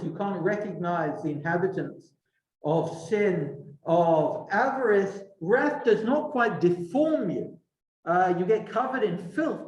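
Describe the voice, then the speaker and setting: A man's voice: sits high, darkish tone, highs cut off. A man teaching a classroom lecture. He questions his students and adds wry asides. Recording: echoey room.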